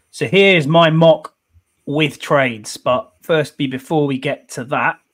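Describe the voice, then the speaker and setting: A man's voice: medium pitch, fairly bright tone. A man, hosting a casual sports podcast, easygoing and calling everyone "mate" while reading out lists. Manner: easygoing, says "mate" a lot, reads lists steadily. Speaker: podcast host. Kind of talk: casual chat.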